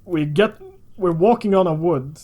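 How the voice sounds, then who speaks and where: A man's voice: high voice, measured pace, warm tone. A young man, a guest in a casual chat, rambling through a tabletop game story with chuckles and swearing.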